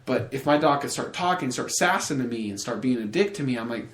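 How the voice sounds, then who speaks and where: A man's voice: mid-range voice, quick pace, hardly any pauses. A young man hosting a casual podcast, rambling and swearing freely as he tells stories and acts out quotes. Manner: rambling, profane, animated storytelling with acted quotes. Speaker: podcast host. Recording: roomy echo.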